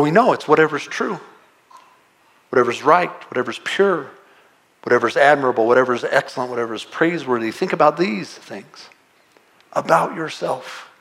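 A man with a somewhat high voice preaches to his congregation. His delivery is earnest and pleading, full of restarts, repeated words and rhetorical questions as he presses his point. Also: vocal fry, fairly bright tone. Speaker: pastor. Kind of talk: sermon.

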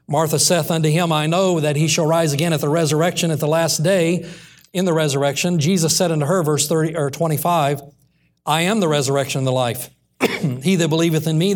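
Male preacher, earnest sermon delivery, slightly higher voice. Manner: earnest, slows and softens on key lines. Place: church.

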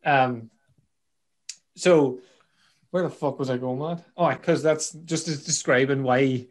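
A man hosts a relaxed interview, talking at a middle pitch. He jokes, swears freely and drifts into rambling asides before he finds his way back to the question. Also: unhurried. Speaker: podcast host. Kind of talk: casual interview chat.

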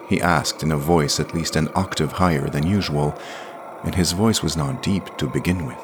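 A man narrating a scripted audio story in a measured, plain manner. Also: very deep voice, a little hiss or hum.

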